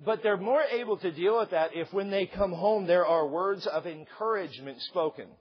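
A middle-aged male pastor preaching a sermon, animated and joking, acting out quotes along the way. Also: high voice, normal speed, husky. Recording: slightly dull lo-fi sound.

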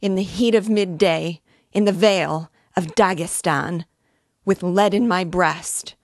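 A woman voicing a proud, desperate dying mother who rambles in delirium with a hoarse, gasping voice, her cries rising. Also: deep voice, takes it slowly, exaggerated voice. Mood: anguished. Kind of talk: audiobook character reading.

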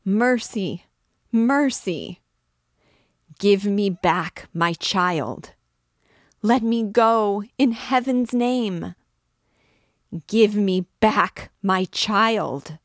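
Woman putting on a frantic old recluse mother, desperate, pleading cries, slow, dry close sound. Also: fairly low pitch, steady tone, no echo.

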